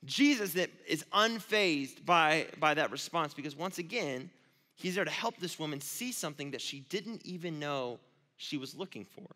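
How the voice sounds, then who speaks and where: A man, a youth pastor, giving a casual, storytelling sermon with animated asides. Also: on the high side, normal speed. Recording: long reverb of a large hall.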